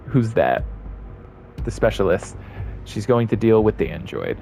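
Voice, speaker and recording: A man's voice: lowish voice, sing-song, a little slow, vocal fry, dark tone, soft background music. A young man casually reading a game's dialogue aloud, with crude, jokey asides. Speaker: gameplay video host.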